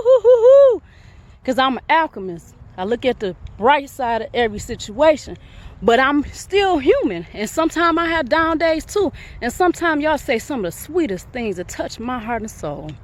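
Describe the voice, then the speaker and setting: A woman from Michigan talks to her viewers outdoors in a casual motivational vlog. Her voice sits high and swoops up and down with animated energy. She preaches in a playful way and calls her viewers kings and queens. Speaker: vlogger. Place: outdoors in the sun.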